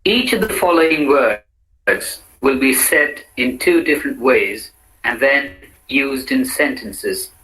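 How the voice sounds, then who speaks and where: Very slow, bright-voiced male drill narrator. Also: medium pitch, expressive, low-quality recording. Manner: slow, deliberate word-by-word reading. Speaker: language lab narrator. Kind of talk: scripted pronunciation drill.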